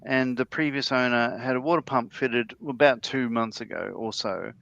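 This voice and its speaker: A man's voice: medium pitch, normal speed, creaky, fairly bright tone, no room sound. An older man telling a rambling story in casual chat, with many ums and restarts, co-hosting a modelling livestream. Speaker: co-host of a scale-modelling livestream. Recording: slightly dull lo-fi audio.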